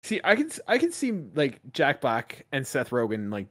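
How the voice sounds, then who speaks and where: A man's voice: mid-range voice, moderate pace. A man co-hosting a gaming podcast, chatting casually with lots of fillers. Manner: animated, excitable, loose with fillers. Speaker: podcast co-host. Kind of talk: casual chat.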